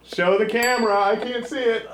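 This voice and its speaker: A man's voice: very high voice, fairly even intonation, moderate pace, noisy background. A man hosting a casual studio show, joking and rambling with frequent restarts. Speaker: host.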